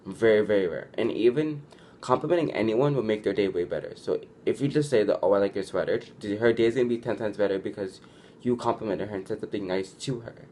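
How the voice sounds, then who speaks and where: Young dude vlogging advice, lowish voice, says like a ton, super casual. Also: male voice, fast talker, dark tone, slight background noise. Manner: chatty, heavy use of "like", restarts, acts out quoted lines.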